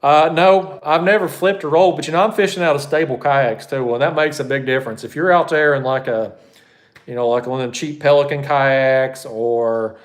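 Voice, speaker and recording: A man works through viewer questions on a live stream. He talks bluntly and folksily, wandering off on asides. His voice sits at an ordinary middle pitch. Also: normal speed. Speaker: fishing channel host.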